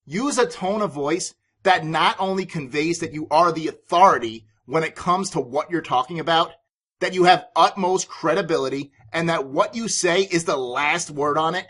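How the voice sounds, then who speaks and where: A man's voice: a little high, a bit bright. A man hosting a business podcast, giving sales advice in an emphatic, authoritative way. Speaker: podcast host and sales coach.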